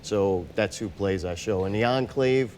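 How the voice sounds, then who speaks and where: A man's voice: on the low side, moderate pace, a little mellow, a little hiss or hum. A man chatting as a podcast guest about booking shows, blunt and wry with a self-mocking streak. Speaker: podcast guest, show booker. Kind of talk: casual interview chat.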